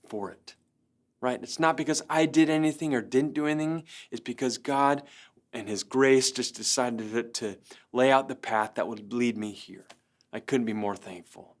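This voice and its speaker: A middle-aged man, a pastor, telling an earnest personal story with lively swings from excited highs to soft, low moments. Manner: earnest storytelling, voice rising when excited and dropping low for quiet lines. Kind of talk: personal testimony talk.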